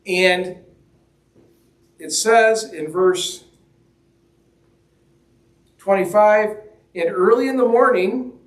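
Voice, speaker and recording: A man with a high voice delivers a sermon in a church hall, talking extremely slowly and pausing often. His style is conversational and joking, and he acts out quoted lines. The recording has a roomy echo from a distant mic.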